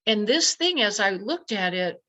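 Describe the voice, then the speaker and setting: A woman guest telling a personal story in a lively way, acting out her own past thoughts as quotes. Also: medium pitch, unhurried. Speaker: podcast guest. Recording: dull lo-fi sound.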